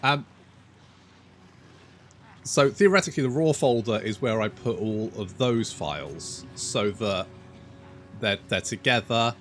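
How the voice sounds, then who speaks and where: Lively, rambling sweary male gamer. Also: lowish voice, measured pace, long pauses, faint music behind. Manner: rambling, sweary, self-mocking. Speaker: gaming YouTuber. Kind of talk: casual let's-play commentary.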